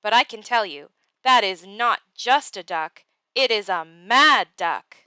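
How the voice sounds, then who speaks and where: Brief: nervous storybook boy Josh read by a woman, slow, crisp and bright. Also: mid-range voice, lively intonation, no room sound. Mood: worried.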